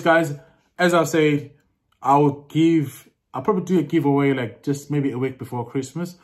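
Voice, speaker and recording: Chatty man talking to his viewers. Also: fairly low pitch. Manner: chatty, loose, laughs often. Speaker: YouTuber. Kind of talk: casual vlog chat to camera.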